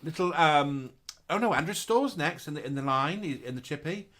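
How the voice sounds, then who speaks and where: A man's voice: fairly high pitch, animated, moderate pace, a bit bright. A man co-hosting a live chat show, chatting campily and reading out viewers' messages. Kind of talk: casual live-stream chat.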